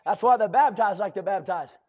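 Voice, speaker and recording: A man preaching a fiery sermon, breaking into shouts and slow drawled asides and calling out to the congregation. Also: high voice. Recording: dull lo-fi church recording.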